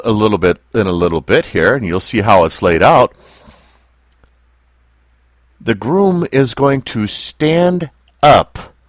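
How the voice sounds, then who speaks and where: A man teaching a Bible lesson to a small group, speaking slowly and deliberately and putting questions to his listeners. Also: medium pitch, no echo, studio quality. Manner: slow, deliberate, asks the class questions.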